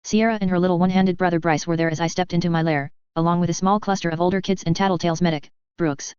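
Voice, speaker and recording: Female audiobook narrator; steady, measured, crisp voice on a slightly dull recording. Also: lowish voice, no room sound. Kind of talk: first-person audiobook narration.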